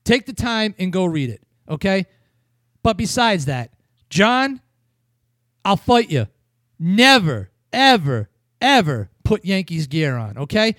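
A man's voice: sits high, very animated, takes it slowly, pauses often, a bit bright, no echo, clean studio sound. A man from New England ranting profanely as a podcast host in a casual wrestling review chat.

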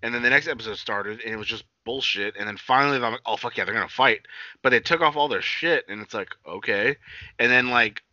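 A man in casual podcast banter, cursing freely and joking with his co-host. His voice is very bright and sharp. It comes through a dry, dull, lo-fi mic. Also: mid-range voice, quick pace, few pauses, no echo. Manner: loose, profane and joking, calls his co-host buddy.

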